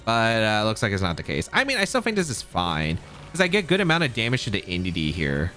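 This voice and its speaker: Bright, animated man commentating gameplay. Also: fairly low pitch, fast, soft background music. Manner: thinks aloud, second-guessing plays. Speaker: competitive game player.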